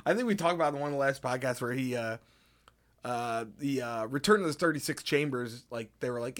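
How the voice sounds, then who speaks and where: A man's voice: mid-range voice, fast talker. A young man chatting casually on a podcast, laughing often and mimicking radio voices. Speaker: podcast co-host. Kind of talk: casual chat.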